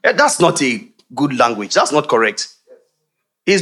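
A middle-aged man with a Nigerian accent preaching a sermon in an animated, teasing way with frequent laughs. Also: medium pitch, normal speed. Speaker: pastor.

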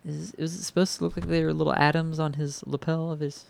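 A man's voice: fairly high pitch, level tone, fast talker, creaky, darkish tone. A young man co-hosting a casual podcast, chatting about movies. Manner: chatty, recommends films. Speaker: podcast co-host. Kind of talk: casual chat watching a movie.

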